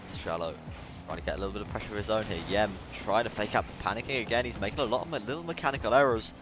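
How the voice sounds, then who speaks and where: Low-voiced Irish man calling a match. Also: very fast, over music. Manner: rising to excited calls at big plays. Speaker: esports caster. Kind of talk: play-by-play commentary. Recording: noisy background.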